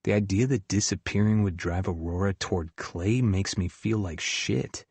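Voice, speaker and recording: Low-voiced man narrating an audiobook. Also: moderate pace, a little mellow, husky, no room sound. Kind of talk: first-person audiobook narration.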